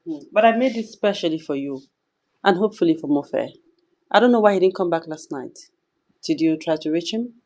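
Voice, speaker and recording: A woman in a film drama, speaking calmly and politely. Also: on the low side, fairly quick, lightly acted. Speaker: visiting girlfriend.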